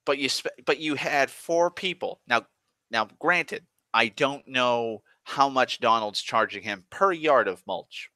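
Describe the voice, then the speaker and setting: A man's voice: mid-range voice, takes it slowly, sharp tone, no room sound. A man telling a work story as an exasperated, swearing rant, often restarting his sentences. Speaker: online storyteller. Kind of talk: profane rambling rant.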